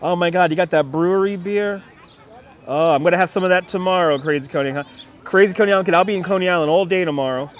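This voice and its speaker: Fast-talking and high-voiced, this man hosts a casual outdoor livestream in a city park, reading viewers' comments aloud as he rambles chattily with frequent laughs and restarts. A wireless clip-on mic picks up faint outdoor noise, including birds in the park.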